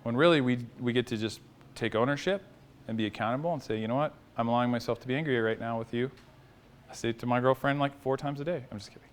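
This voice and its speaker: A man teaching a small group in a relaxed, conversational way, asking them questions and joking now and then. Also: mid-range voice, fast. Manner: conversational, quizzes the audience, jokes lightly. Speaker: workshop teacher.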